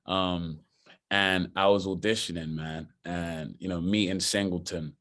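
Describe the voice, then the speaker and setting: A young man with a London accent, an actor telling lively stories in a casual interview. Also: low-pitched, measured pace. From Britain. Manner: animated, laughing storyteller. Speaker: actor guest.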